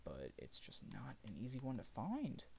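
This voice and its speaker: A man's voice: mid-range voice, wildly swooping pitch, moderate pace, creaky, darkish tone, slight background noise. A man streaming live, chatting casually and rambling about a video game, often correcting himself mid-sentence. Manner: rambling, self-correcting gamer talk. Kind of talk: casual livestream chat.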